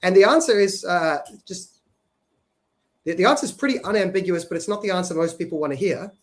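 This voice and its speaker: A man's voice: high-pitched, a little fast. A man co-hosting a policy podcast, explaining economics in a casual way and often checking in with "right?". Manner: explanatory, frequent "right?" tag questions. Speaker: podcast co-host.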